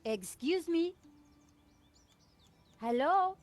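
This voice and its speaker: A woman's voice: extremely high pitch, expressive, drawn-out words, soft background music, exaggerated voice. An actress voicing a poised young French woman investigator, direct and polite, with a French accent.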